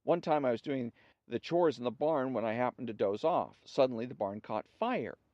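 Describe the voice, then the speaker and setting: A man with a voice of average pitch reads jokes aloud as a show's host. He tells them in a relaxed storytelling way and acts out the lines. The recording is dry and somewhat dull. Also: normal speed, no echo.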